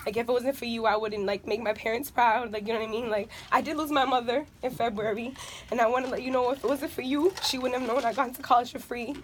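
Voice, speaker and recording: A woman's voice: a little high, fairly even intonation, fast. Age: 20s. Sex: woman. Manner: rambling and tearful. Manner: rambling, fills talk with "like" and "you know what I mean". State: close to tears. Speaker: friend giving a birthday toast. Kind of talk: heartfelt party speech. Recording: noisy room.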